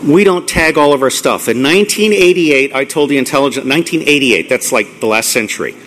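A middle-aged man giving a live lecture to an audience, blunt and profane, ranting excitedly. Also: medium pitch, fairly quick, a little hiss or hum. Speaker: conference speaker.

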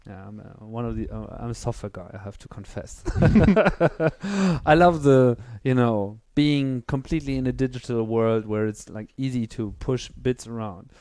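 A man's voice: medium pitch, dark tone, clear, resonant tone, no echo. A man interviewing a guest in a casual conversation, asking long questions hesitantly and joking at his own expense. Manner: unhurried, hesitant questions, self-deprecating.

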